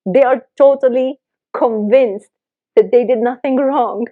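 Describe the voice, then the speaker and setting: A woman's voice: a little high, a little slow, no echo, phone-quality sound. A woman life coach giving earnest, emphatic advice to camera, acting out the lines people say.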